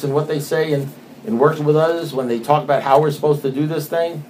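A man's voice: a little high, fairly even intonation, fast talker, a little mellow, slight background noise, poor audio. A man telling stories to an audience in a loose, conversational way, often asking "you know what I mean" and repeating lines when he reads aloud. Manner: reads book passages aloud with repetition. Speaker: speaker sharing recovery experience. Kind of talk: storytelling talk to an audience.

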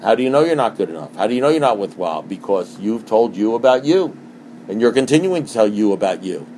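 Animated middle-aged man at a recovery meeting. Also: mid-range voice, a little hiss or hum. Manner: animated, repetitive, rhetorical questions.

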